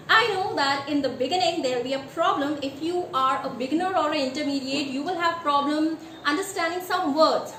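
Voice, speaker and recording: A woman teaching English pronunciation in a deliberate, emphatic way, checking in with her listeners with a rhetorical "yes?". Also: high voice, a bit bright. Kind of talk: instructional lesson. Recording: echoey room with faint ambient noise.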